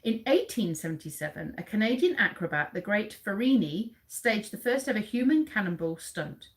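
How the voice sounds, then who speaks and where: A woman's voice: mid-range voice, very animated, normal speed. Chatty British woman hosting a live quiz. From England. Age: 40s. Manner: chatty, reads out facts and answers viewers by name. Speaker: livestream host. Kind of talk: casual live quiz chat. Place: dim room at home.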